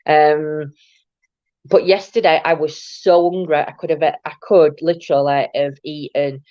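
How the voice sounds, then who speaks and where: A woman's voice: deep voice, fairly even intonation, a little slow, mellow, no room sound, dull audio. A woman hosting a casual live morning chat from her home, rambling on and greeting viewers by name. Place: at home, indoors.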